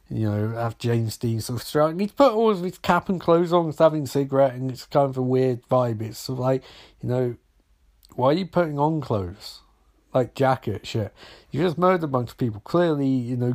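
A young man talks through a TV episode in a loose, unscripted ramble. He swears freely and wanders into jokey asides, and his voice sits at an ordinary middle pitch. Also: a little mellow. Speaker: TV episode recapper. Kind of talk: casual episode recap.

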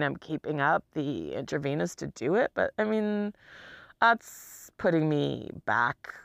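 A woman's voice: sits low, creaky, no room sound. An exhausted woman speaking bluntly and emotionally about her own life, sometimes dropping to a near whisper. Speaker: chronically ill person speaking to camera. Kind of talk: candid personal monologue.

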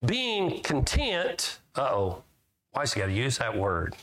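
With a fairly low, fairly bright voice at moderate pace, a man preaches in a homespun manner, asking his listeners questions. When he reads scripture aloud, his emphasis builds.

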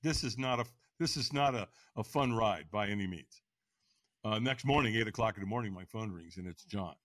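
A man in his sixties, a podcast guest, frankly telling his own story in an animated way and acting out the voices. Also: lowish voice, fairly quick, no room sound. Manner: animated, acts out voices and inner dialogue; frank, casual speech. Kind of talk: personal storytelling in an interview.

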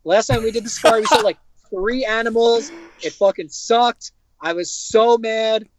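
A young man hosting a casual chat, telling stories in an animated way and swearing freely. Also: high voice, moderate pace, no room sound. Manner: profane, animated storytelling. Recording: dull, dry lo-fi recording.

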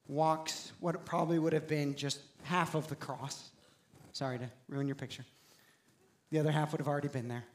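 A man preaching a sermon as pastor, moving from quiet storytelling into loud, shouted preaching. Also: a little high, reverberant.

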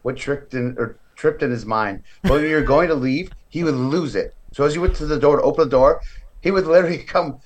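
Man, lively storyteller voicing quoted lines. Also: a little high, a little fast. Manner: animated storyteller who acts out quoted voices. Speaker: podcast guest. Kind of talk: casual interview chat.

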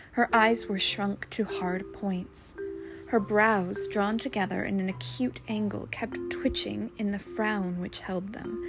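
Woman narrator, slow and unhurried, music bed under the reading. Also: mid-range voice, gravelly. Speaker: audiobook reader. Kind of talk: scripted narration.

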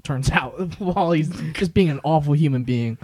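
A man's voice: a little high, normal speed, darkish tone, dry recording, studio quality. A man co-hosting a podcast, talking in a rambling, filler-heavy way and laughing often. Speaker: podcast co-host. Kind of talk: casual chat.

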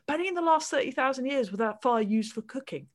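Animated woman podcast host. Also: high-pitched, quick pace. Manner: animated, enthusiastic explaining. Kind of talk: casual podcast chat.

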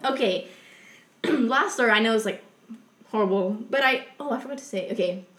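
A woman's voice: fairly high pitch, moderate pace. Young woman rambling in an echoey room. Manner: rambling, filler-heavy, with a soft confessional tone. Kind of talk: casual personal storytelling.

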